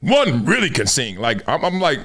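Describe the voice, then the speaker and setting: A middle-aged man hosting a live sports and culture stream, talking in loose slang with loud bursts and low asides. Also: moderate pace. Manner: animated, slangy, jumps between loud bursts and low mutters. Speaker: show host.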